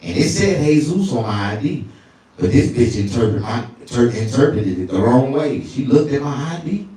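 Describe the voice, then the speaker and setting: A male stand-up comedian telling crude stories, often jumping into falsetto. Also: animated, normal speed, warm tone, heavy reverb, recorded from a distance. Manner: crude, storytelling, swings into falsetto.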